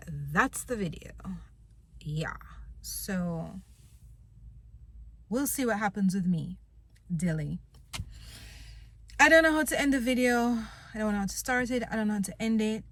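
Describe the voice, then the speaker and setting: A woman's voice: medium pitch, no room sound. A young woman vlogging, venting bluntly and with plenty of swearing about wanting to quit her job. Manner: frustrated, blunt, swears a lot. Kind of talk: venting to camera.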